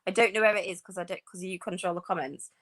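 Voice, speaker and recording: Woman w a light northeast english accent, bright clear voice, chatty and animated. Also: fairly low pitch, fast. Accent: Northeast English, softened. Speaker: podcast co-host. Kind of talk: casual chat.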